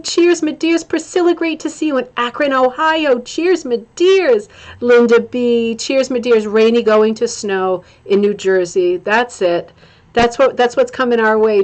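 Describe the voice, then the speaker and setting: A middle-aged woman hosting a casual livestream, greeting viewers by name and chatting in a scattered, friendly way. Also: a little high. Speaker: livestream host.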